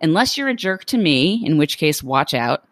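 A woman's voice: low voice, moderate pace, no echo. A woman in her thirties from New York, chatting casually and acting out the people in her stories. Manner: animated storyteller, acts out voices in anecdotes. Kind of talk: casual chat.

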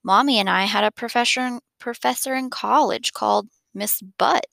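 A cheerful, jokey dad in a storybook reading, voiced by a woman. His lines bounce with excitement and teasing fun, in a bright, gravelly voice recorded close and dry. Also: on the high side, moderate pace, no echo. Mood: joking. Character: cheerful joking father.

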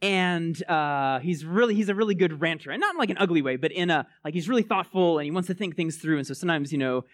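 A man preaching a casual, conversational sermon, rambling and restarting with many fillers, swooping up high to stress a point. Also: quick pace, hardly any pauses, no echo, clean studio sound. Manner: animated, swoops up high for emphasis.

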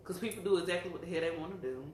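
A woman's voice: lowish voice, racing, slight background noise. Blunt bossy woman in an echoey room. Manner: blunt, bossy, steers the talk. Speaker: podcast co-host. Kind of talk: casual opinionated chat. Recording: echoey room, faint ambience.

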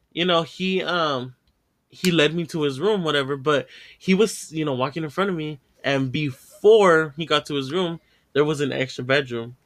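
A man's voice: fairly high pitch, fairly bright tone. A man hosting a podcast, telling a long story in casual chat, swearing freely and acting out what people said. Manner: profane, laughing, acts out dialogue in the story. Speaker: podcast host.

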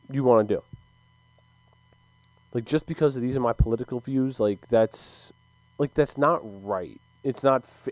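A man's voice: mid-range voice, darkish tone, no echo, rough recording. A young man ranting casually to camera, heated and profane, with frequent stumbles and restarts. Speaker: sports commentator.

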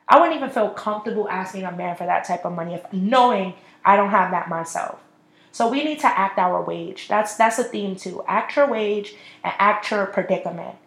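A woman in her twenties hosting a solo podcast, ranting bluntly and with lots of profanity. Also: mid-range voice. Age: 20s. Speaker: podcast host. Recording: echoey room.

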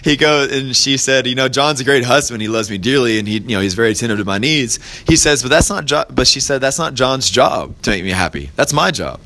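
Quick and expressive, this man barely pauses, his voice pushed and bright as he hosts his own podcast. His motivational chat wanders, with restarts and filler words, and quoted characters in his stories come out in a higher voice.

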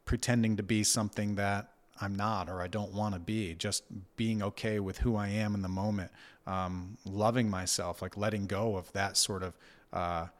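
A man in his thirties telling a personal story in casual conversation, reflective and halting, with many fillers and restarts. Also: lowish voice, steady tone. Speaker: guest recounting an experience.

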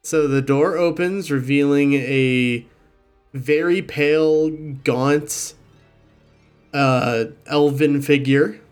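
A man runs a tabletop game with slow, deliberate narration. His voice sits a little high, and he pauses often with ums. Soft music plays in the background. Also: fairly even intonation, clean tone. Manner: unhurried, with frequent ums. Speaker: game master.

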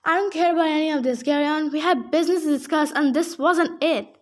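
A curt, brooding boy who is impatient with everyone, as a woman reading a storybook aloud gives him voice. His lines come clipped and insistent, at a high pitch. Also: fairly quick, natural voice.

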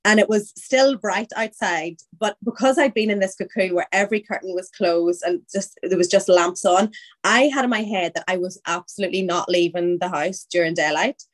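Woman guest, candid chatty storyteller, voice sits a bit low. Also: moderate pace. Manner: candid, chatty, quotes her own thoughts aloud. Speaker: podcast guest telling her birth story. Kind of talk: casual storytelling chat.

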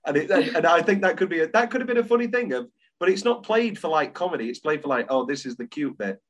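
A man hosting a casual film podcast, talking in an animated way and often stumbling over restarts as he quotes lines. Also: high voice, fast. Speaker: podcast host.

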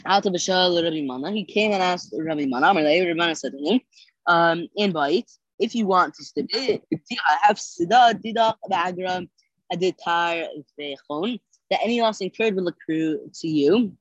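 Halting, sleepy Talmud reader, dry lo-fi sound. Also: mid-range voice, no room sound. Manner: halting, many fillers and self-corrections. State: sleepy, yawning. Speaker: podcast host teaching the daily Talmud page. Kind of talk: reading and translating Talmud text.

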